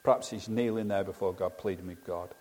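A man's voice: low-pitched, fairly even intonation, brisk, darkish tone. A man preaching a sermon in an earnest, conversational way, often asking rhetorical questions. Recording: long hall reverb.

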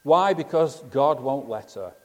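A sly, mock-sweet woman needles her rival in a mellow, soft-edged voice, as a preacher reads her lines. Every barb comes wrapped in false kindness. Her words ring out with a long reverb. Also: medium pitch, animated, unhurried, natural voice.

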